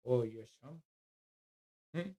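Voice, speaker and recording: A man hosting a live hockey stream, calling the play, reading chat and cooing at his dog in soft baby talk. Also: mid-range voice, takes it slowly. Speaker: streamer host.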